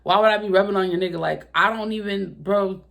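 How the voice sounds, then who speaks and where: A young woman vlogger telling a personal story in a casual, profane, animated way, acting out her own outbursts. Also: medium pitch, quick pace, gravelly. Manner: profane, animated retelling with exaggerated quoted outbursts.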